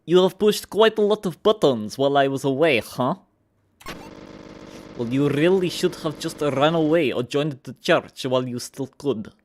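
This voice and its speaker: A streamer voicing a tired, cruel male enforcer from a game, with a mock Russian accent and a slow, threatening delivery. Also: mid-range voice, animated, a little mellow, slight background noise, close to an everyday voice. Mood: menacing.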